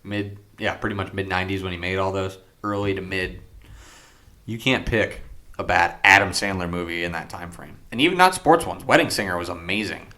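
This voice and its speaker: Podcast co-host, man, low voice, loose hesitant sports chatter. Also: fairly quick, sharp tone. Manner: rambling, hesitant, many ums. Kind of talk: casual sports chat.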